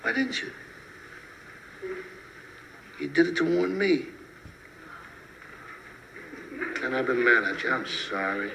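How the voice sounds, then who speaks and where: A man's voice: mid-range voice, very animated, fast talker, gravelly, pitched below the performer's own voice, heavily acted, poor audio. A man doing a grumpy, bickering roommate. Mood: apologetic. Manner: complaining, bickering. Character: grumpy, exasperated middle-aged man. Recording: loud background noise.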